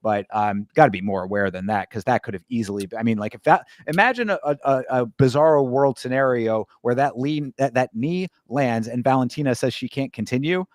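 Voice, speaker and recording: A man's voice: medium pitch, fairly quick, few pauses, no echo, studio quality. A man co-hosting a casual sports podcast, talking in an easygoing way with lots of fillers. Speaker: podcast co-host.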